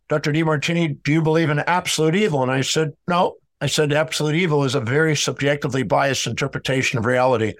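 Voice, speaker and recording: A man's voice: medium pitch, no echo. A man telling a story in an interview, lecturing emphatically and acting out both sides of a dialogue. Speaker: speaker on emotional healing.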